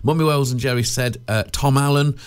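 A man's voice: mid-range voice, fairly even intonation, a little fast, clean tone. A man hosting a radio show, rambling and digressing in jokey chatty patter. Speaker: radio presenter. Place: radio studio.

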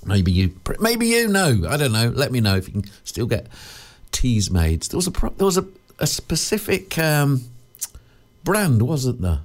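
Rambling, jokey radio host. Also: male voice, medium pitch, wildly swooping pitch, measured pace. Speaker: radio presenter. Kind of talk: chatty radio patter. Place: radio studio.

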